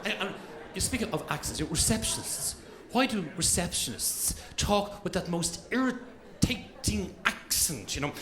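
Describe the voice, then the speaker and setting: A man's voice: high voice, big pitch swings, normal speed, hardly any pauses, music in the background. An Irish man doing a jokey stand-up routine on a comedy club stage, slipping into mock voices.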